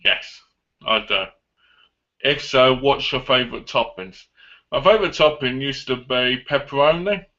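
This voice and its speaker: A man's voice: mid-range voice, bright, forceful tone. A young man casually answering viewer questions, rambling and often correcting himself, in a dull lo-fi recording. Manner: rambling, self-correcting, chatty. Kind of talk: casual chat. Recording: dull lo-fi sound.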